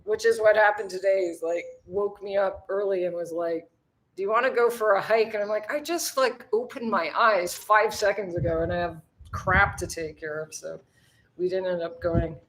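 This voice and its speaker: A chatty woman from the United States who talks straight to her viewers on a casual livestream and answers their comments as they come in. Her voice is bright and forward, at a medium pitch, with light swearing mixed into quick back-and-forth. The sound has a phone-mic feel. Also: steady tone. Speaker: livestream host. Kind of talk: casual live chat with viewers. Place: outdoors in bright sun.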